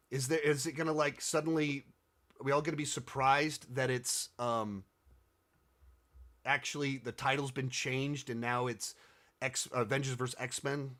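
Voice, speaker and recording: A man's voice: fairly high pitch, a bit bright. A man hosting a casual commentary video, answering viewer questions, rambling and thinking aloud with many restarts and sarcastic stretches.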